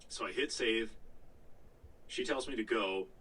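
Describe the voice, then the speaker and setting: A man's voice: lowish voice, measured pace, a bit bright, husky, recorded from a distance, low-quality recording. A man co-hosting a podcast, telling a long gaming story in casual chat, full of fillers, restarts and the odd swear word. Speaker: podcast co-host.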